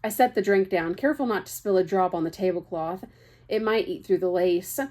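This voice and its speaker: A woman's voice: on the low side, fairly quick, darkish tone. A young woman reading a novel aloud, chatty, breaking off for casual asides. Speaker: book reader.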